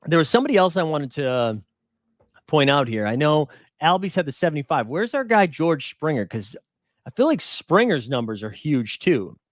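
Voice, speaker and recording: A man's voice: on the high side, big pitch swings, moderate pace, dry recording, clean studio sound. A man hosting a casual fantasy baseball stream, rambling and self-deprecating, chuckling as he talks. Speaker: fantasy baseball show host. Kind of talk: casual live-stream chat.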